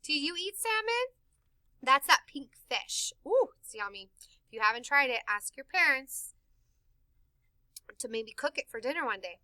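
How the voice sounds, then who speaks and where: Animated woman reading a picture book to kids. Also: high-pitched, moderate pace, pauses often, dry recording. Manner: animated, sing-song, explains words to children. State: tickle in her throat. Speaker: storytime reader for children.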